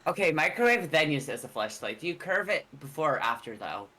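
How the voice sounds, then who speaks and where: A man co-hosting a casual podcast, cutting in with blunt, quick jokes. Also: a little high, very animated, pushed and bright. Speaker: podcast co-host. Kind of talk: casual chat.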